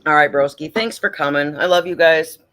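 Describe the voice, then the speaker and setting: A man with a slightly high voice hosts a late-night livestream and talks in a loose, casual way. He is blunt and preachy, swears freely and. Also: a little fast, sharp tone. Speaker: livestream host.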